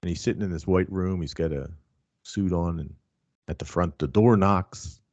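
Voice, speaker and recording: A man with a low, heavy voice rants his way through a casual podcast chat, profane and sarcastic. The sound is dry and a little muffled, with no room around it. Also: normal speed, darkish tone, dry recording. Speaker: podcast co-host.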